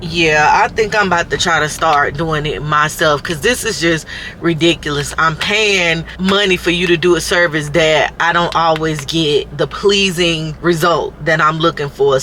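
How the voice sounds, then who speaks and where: A young woman with a drawl talks straight to her viewers in a casual vlog, lively and venting. Steady background noise sits plainly under her voice. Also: low-pitched. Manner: chatty, animated, venting. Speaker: vlogger. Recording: noisy background.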